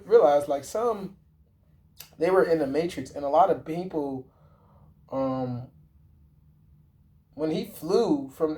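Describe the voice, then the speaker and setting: A man's voice: a little high, mellow. A man talking casually to his viewers about a film, rambling and slangy, with lots of swearing, fillers and self-corrections. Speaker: vlogger. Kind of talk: casual movie talk.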